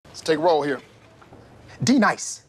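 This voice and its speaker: A woman's voice: deep voice, very animated, takes it slowly, slight background noise, full character voice. Woman playing an angry, bullying teacher. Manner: shouting, mispronounces names, bullying. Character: furious strict teacher taking roll. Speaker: teacher taking roll. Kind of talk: comedy sketch acting.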